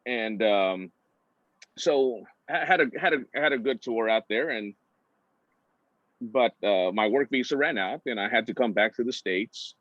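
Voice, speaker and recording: Middle-aged man telling lively road stories. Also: unhurried, dry recording. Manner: animated anecdotes, acting out other people's lines with big pitch jumps; frequent "uh" fillers and restarts. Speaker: guest speaker, entertainment director. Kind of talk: personal storytelling talk. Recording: dull, slightly muffled sound.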